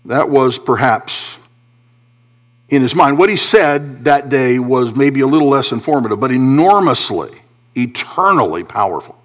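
A middle-aged male pastor preaching a sermon, swinging from soaring emphasis to hushed low phrases. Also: measured pace.

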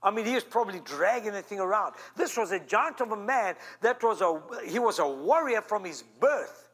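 A man's voice: sits high, lively intonation, normal speed, a bit bright. A man, the senior pastor of a church, preaching an emphatic storytelling sermon with sudden rises and drops. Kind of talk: animated sermon.

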